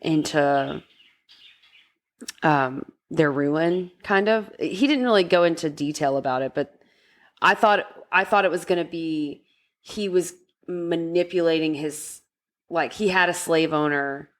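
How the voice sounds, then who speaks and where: A woman's voice: low voice, a little slow. A woman co-hosting a podcast, talking casually and hesitantly with many fillers. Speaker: podcast co-host. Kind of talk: casual chat.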